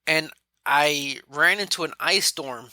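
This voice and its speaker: Fairly high in pitch and slow in pace, this man's voice has no room sound. He's a podcast guest candidly relating his own story in casual conversation, animated as he quotes himself and others.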